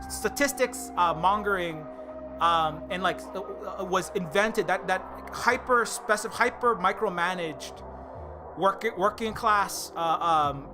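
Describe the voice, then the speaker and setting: High-voiced man ranting with music behind. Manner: heated, sarcastic, full of restarts and mocking impressions. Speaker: streamer. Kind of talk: rambling political rant on a live stream.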